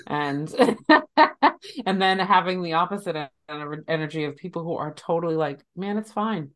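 A woman's voice: lowish voice, expressive, a little slow. A woman talking reflectively in a casual chat, often acting out what others say. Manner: reflective, quotes others in playful voices.

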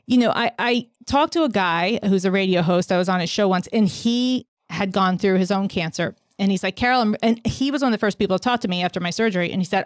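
Animated woman in her forties telling stories. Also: mid-range voice, quick pace, hardly any pauses, no room sound, studio quality. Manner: animated storyteller who acts out quotes. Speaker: podcast host. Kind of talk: casual chat.

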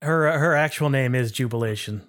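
A man's voice: mid-range voice, moderate pace, a bit bright, no echo, clean studio sound. A man co-hosting a podcast, adding wry, informative asides in casual chat. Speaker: podcast co-host. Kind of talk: casual chat, movie review.

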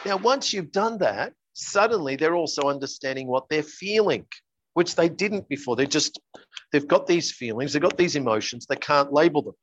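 A coach giving an interview tells his stories earnestly, acting out the dialogue in a voice on the high side that's animated, brisk, and a bit bright. The audio quality is poor.

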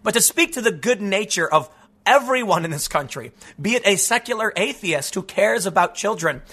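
A man giving a casual, animated commentary monologue, tossing in "dude" and "man" as he talks. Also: high-pitched, normal speed, slightly rough. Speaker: political commentator.

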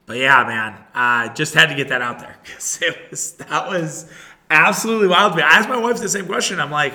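Man, thirties, podcast host, bright tense voice, profane casual monologue. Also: fairly high pitch, normal speed. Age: 30s. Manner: profane, animated, talks to listeners directly. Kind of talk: casual solo podcast rant.

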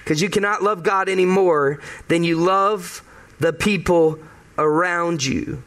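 High-voiced male preacher, emphatic. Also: a little slow, fairly bright tone. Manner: conversational, emphatic, repeats key phrases. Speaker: pastor. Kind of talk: sermon.

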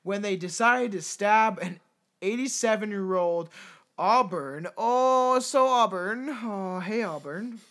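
A man's voice: sits high, slow pace, fairly bright tone. A young man hosting a podcast, casually reading out cases while swearing, stumbling and correcting himself between jokes. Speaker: podcast host.

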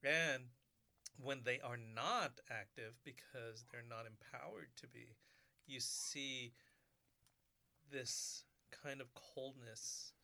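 A man in ministry talking casually, earnest and halting, often restarting his sentences. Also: mid-range voice, vocal fry, pushed and bright. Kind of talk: casual conversation.

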